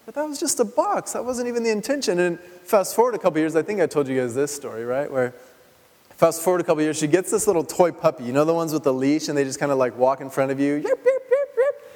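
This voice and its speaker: Male pastor, slightly high voice, chatty sermon style full of rhetorical questions, long church-hall reverb. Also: fast, a little mellow. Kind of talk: conversational sermon.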